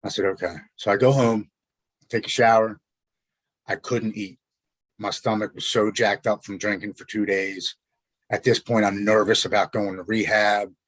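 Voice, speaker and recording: A man, a podcast guest, telling his own story in an earnest, halting way, often repeating words as he goes. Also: fairly low pitch, steady tone, fairly bright tone, dry recording, rough recording. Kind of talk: personal storytelling.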